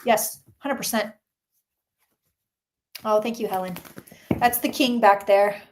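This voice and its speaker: A woman's voice: mid-range voice, steady tone, slow pace, background noise. A woman, a psychic reader, chatting through a live-streamed tarot reading and answering questions from the chat.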